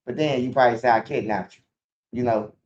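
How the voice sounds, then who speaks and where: A man's voice: medium pitch, steady tone, fast, noisy background. A man talking casually to the camera in a rambling, profane street manner, recorded with dull lo-fi sound.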